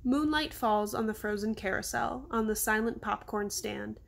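Woman reading a story aloud, somewhat high voice. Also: normal speed, creaky. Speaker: reader. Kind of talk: reading a children's novel aloud.

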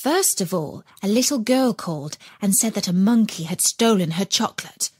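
A woman reads a children's storybook aloud, expressive and lively in her storytelling. Her voice sits at a medium pitch with a slightly husky edge. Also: normal speed, no room sound. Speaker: narrator. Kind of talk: children's audiobook narration.

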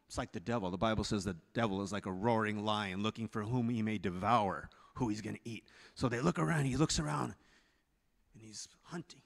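A man pastor telling a story in a sermon, animated, swinging from hushed to loud, in a church sanctuary. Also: fairly low pitch, fairly quick, gravelly, hardly any pauses. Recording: reverberant church hall.

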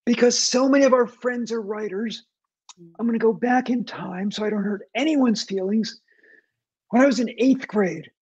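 A man in his sixties with a husky voice, a guest author telling wry anecdotes over a video call. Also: very high voice, darkish tone, highs cut off. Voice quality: husky post-covid voice. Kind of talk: interview storytelling.

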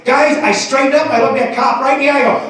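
Middle-aged man, stand-up comedian, rambling self-deprecating set, high-pitched, distant mic. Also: steady tone, quick pace, a bit bright. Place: comedy club stage. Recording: very echoey room, distant from the mic.

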